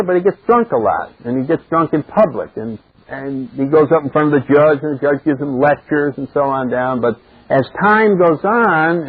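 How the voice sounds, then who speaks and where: A man gives a relaxed, storytelling talk at a recovery meeting, drifting into funny anecdotes in a folksy, conversational tone. His voice sounds slightly husky. The recording is thin and phone-like, like an old cassette of a live talk. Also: a little high, no echo. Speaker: speaker at a twelve-step meeting.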